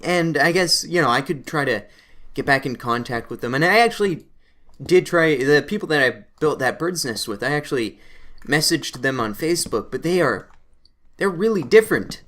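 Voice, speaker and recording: A man's voice: on the high side, animated, moderate pace, fairly bright tone. A young man from Canada, a gaming channel host, rambling animatedly through a casual story while playing a game.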